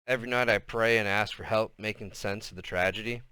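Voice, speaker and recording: A man reads a novel aloud at an easy pace, now and then tripping on a word. His voice is bright and smooth. The recording is dry and close. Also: lowish voice, steady tone, no room sound. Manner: unhurried reading with small slips. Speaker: reader.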